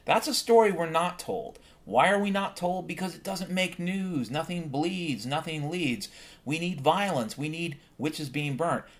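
A man's voice: on the high side, lively intonation, measured pace. A man hosting a solo podcast, ranting bluntly and swearing often in a heated monologue. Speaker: podcast host.

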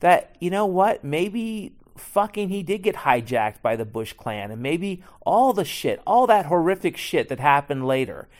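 A man's voice: fairly high pitch, sing-song, a little slow, hardly any pauses. A middle-aged man delivering a profane, rambling, sarcastic comedic rant as a podcast host.

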